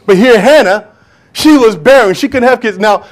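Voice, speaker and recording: Impassioned high-voiced male preacher. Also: normal speed. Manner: impassioned, swings from loud calls to hushed whispers; addresses congregation directly, acts out quoted voices. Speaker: pastor. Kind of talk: sermon.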